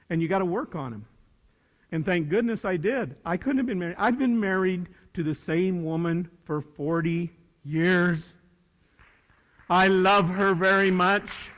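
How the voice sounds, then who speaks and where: A man in his sixties, a retired teacher, gives a folksy, plainspoken talk to high school students, swinging from loud to hushed. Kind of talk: motivational speech to students. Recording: long reverb of a large hall.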